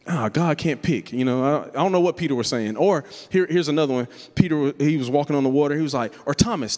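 A man's voice: quick pace, few pauses. Preaching man in a reverberant hall. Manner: animated preaching, jumps up in pitch for playful impressions of others. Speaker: pastor. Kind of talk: sermon. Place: church sanctuary.

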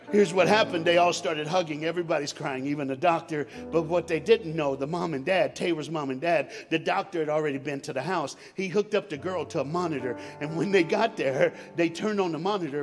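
A man from Tennessee preaching a sermon as a guest speaker, telling stories and swinging between shouts and hushed tones. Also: a little high, fairly quick, hardly any pauses. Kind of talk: sermon storytelling. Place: large church hall. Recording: long hall reverb, music behind.

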